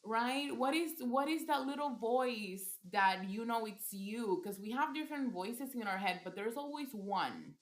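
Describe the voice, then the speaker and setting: A woman's voice: on the high side, a little slow, hardly any pauses. A woman parent coach in a casual podcast conversation, earnest, often repeating and restarting her phrases. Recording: roomy echo.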